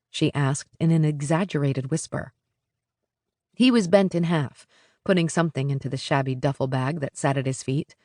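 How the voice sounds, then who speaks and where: A woman's voice: low-pitched, darkish tone, dry recording. Woman narrating an audiobook, dry.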